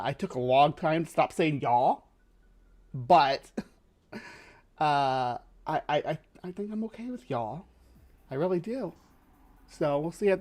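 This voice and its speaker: Hosting a show, a man with a lower Midwestern accent reacts to a video with casual commentary, rambling along with lots of fillers and restarts.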